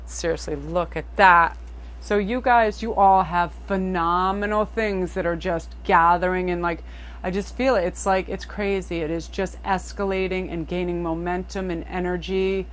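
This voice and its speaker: A woman's voice: on the low side, steady tone, moderate pace. A woman doing a casual tarot reading for her viewers, gushing over the cards and calling them "you guys". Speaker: tarot reader.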